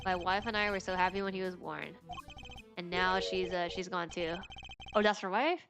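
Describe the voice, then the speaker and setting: A woman's voice: fairly low pitch, fairly even intonation, moderate pace, close to an everyday voice. A woman reading out a sentimental elderly man who runs a prosecutors' committee, in a fawning, theatrical way with tearful laments, over background music. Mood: doting, mournful. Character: sentimental old male prosecution chairman.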